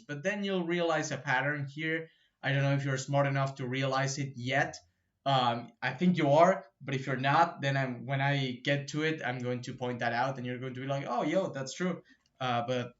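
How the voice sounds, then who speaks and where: The audio has its highs cut off, but the man's medium-pitched voice still sounds fairly bright. Hosting a fitness channel, he gives a casual explainer on training, profane and loose, leaning on fillers and tagging lines with "right?"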